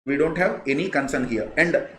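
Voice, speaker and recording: A man's voice: fairly high pitch, moderate pace, a bit bright. A male teacher with an Indian English accent, giving a live online lecture, repeating key phrases for emphasis in a conversational way. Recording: echoey room, faint noise.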